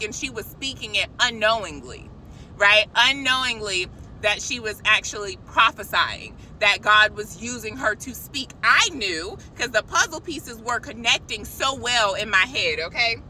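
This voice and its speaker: A woman giving an excited, preachy spiritual message to her viewers from a parked car, calling them y'all. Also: on the high side, slight background noise, low-quality recording. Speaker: christian vlogger. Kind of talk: casual spiritual vlog. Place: parked car outside a shop.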